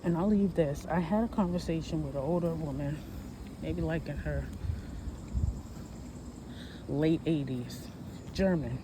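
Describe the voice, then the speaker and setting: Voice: mid-range voice, a little slow, pauses often. Forties vlogger just walkin and talkin outside, rambly, keeps fixin what they said, traffic noise around. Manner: rambling, conversational, self-correcting. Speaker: history vlogger. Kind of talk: casual walking vlog. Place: outdoors, walking on a hot day. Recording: noisy outdoor phone recording.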